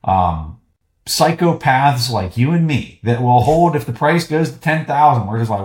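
A man's voice: medium pitch, lively intonation, measured pace, reverberant. A man with a Southern US accent, a podcast guest in casual conversation, talking emphatically with a fired-up, teasing edge.

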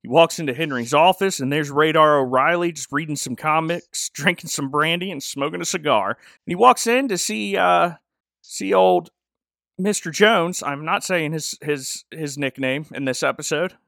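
A man's voice: on the high side, normal speed, creaky, a bit bright, dry recording, studio quality. A man casually recapping a TV episode with joking, rambling asides. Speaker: podcast host.

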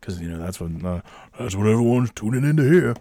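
Low-voiced man ranting profanely. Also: lively intonation, quick pace, mellow, no echo, clean studio sound. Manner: profane, sarcastic, rambling. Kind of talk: casual talk-show rant.

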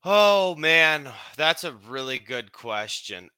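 A man's voice: on the high side, sing-song, slow, bright, forceful tone, clean tone, dry recording. A Canadian man co-hosting a sports podcast in easygoing chat, rambling and restarting his sentences. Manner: rambling, self-interrupting, chummy. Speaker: podcast co-host.

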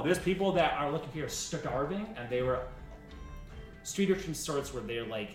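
A man narrating a tabletop game as game master, in a lively storytelling manner. His voice sits a bit back from the mic in an echoey room, with music running underneath. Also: on the high side, moderate pace, distant mic.

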